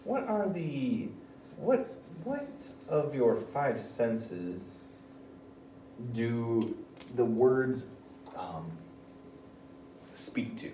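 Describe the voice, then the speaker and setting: A male teacher giving a reading lesson, reading passages aloud and thinking out loud about them. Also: medium pitch, very slow, long pauses, slight background noise. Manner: animated, switching between reading aloud and thinking aloud. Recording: roomy sound, mic at a distance, faint ambience.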